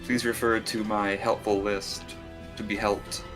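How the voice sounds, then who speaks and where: A man's voice: fairly low pitch, level tone, a little slow, music in the background. A man playing in a tabletop game, chatting wryly and joking with the group. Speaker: player. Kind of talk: casual chat at a tabletop game.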